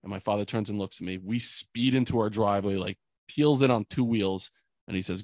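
Earnest low-voiced man telling a story. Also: a little fast, a little mellow, no room sound, clean studio sound. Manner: earnest, emotional, many fillers like "like". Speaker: podcast guest, youth mentor. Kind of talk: personal storytelling in an interview.

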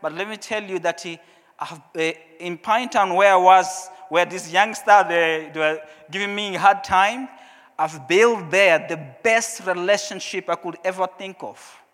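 High, bright-voiced preacher with a Portuguese accent. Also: male voice, moderate pace. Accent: Portuguese-speaking African. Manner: storytelling, animated, acts out his own past questions. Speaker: pastor. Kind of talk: sermon. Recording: long hall reverb.

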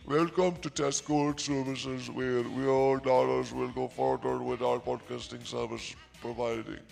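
A man voicing a smooth-talking male scam phone agent who speaks in an overly polite, slow, salesy way. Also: medium pitch, little pitch movement, darkish tone.

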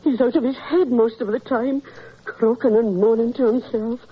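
A woman's voice: on the high side, steady tone, normal speed, lightly acted. An actress playing a tearful, anxious older landlady in 1940s radio acting, stammering and breathless. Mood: distraught. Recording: dull old radio broadcast.

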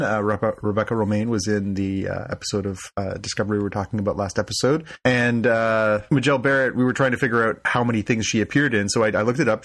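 A man co-hosting a podcast in casual chat, relaxed and full of fillers. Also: fairly low pitch. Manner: relaxed, hesitant with many fillers. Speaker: podcast co-host.

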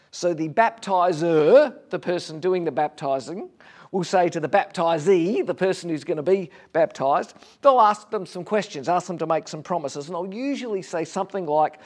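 A man preaching a sermon in a conversational way, asking rhetorical questions with gentle humor. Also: a little high. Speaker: pastor.

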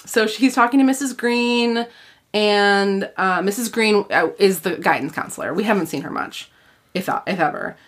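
A woman's voice: mid-range voice, normal speed, a bit bright. Chatty, giggly woman podcaster. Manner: chatty, laughs often, many fillers. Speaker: podcast co-host. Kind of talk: casual book discussion.

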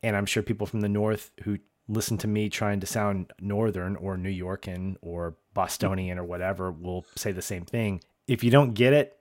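A man co-hosting a podcast, gushing and laughing as he talks. His voice sits fairly low and sounds dry and close on the mic. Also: steady tone, moderate pace, few pauses, dry recording. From American South. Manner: enthusiastic, laughs often, gushing. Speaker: podcast co-host. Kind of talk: casual chat recapping a TV show.

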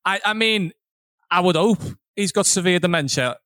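A man's voice: high voice, moderate pace, bright, forceful tone, dry recording, clean studio sound. A young man telling a crude, laughing anecdote on a podcast recorded from home. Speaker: podcast co-host. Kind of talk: casual chat, storytelling.

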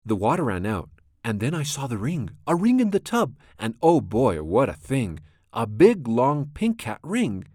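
A man reading a children's rhyming storybook aloud with a rhythmic, expressive delivery. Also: mid-range voice, unhurried, dry recording, studio quality. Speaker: storybook reader.

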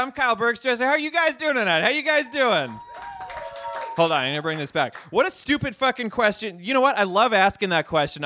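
A man doing a stand-up set on a stage mic, ranting animatedly with swearing and shouted bits. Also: sits high. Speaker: stand-up comic. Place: live comedy venue.

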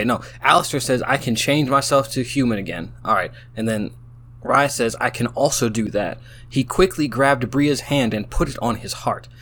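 A man's voice: medium pitch, a bit bright, a little hiss or hum. A tipsy man reads an AI-written story aloud, breaking off into baffled exclamations. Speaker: host reading out an AI-written story. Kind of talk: casual reading aloud with running commentary.

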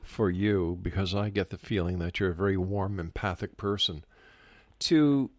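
A man hosting a long-running radio talk show, asking slow, halting questions. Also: sits low, dry recording.

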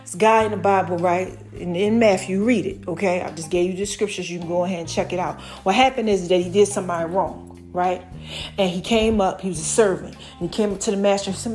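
A woman hosting a podcast, preaching on scripture in a casual, animated way and often checking in with her listeners. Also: medium pitch, brisk, soft background music. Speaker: podcast host.

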